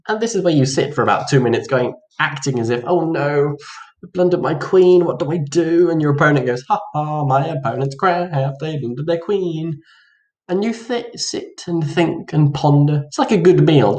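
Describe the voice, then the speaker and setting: A man's voice: on the high side, a little mellow. A man giving a casual chess lesson, playful and mock-dramatic, acting out both players' reactions. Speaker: chess teacher. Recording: roomy echo.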